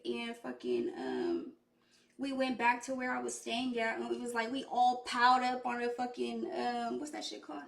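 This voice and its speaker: Young female artist, raspy fry, casual rambling story time, roomy and off-mic. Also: on the high side. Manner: loose, profane storytelling full of "like". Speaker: recording artist. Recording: echoey room, voice far from mic.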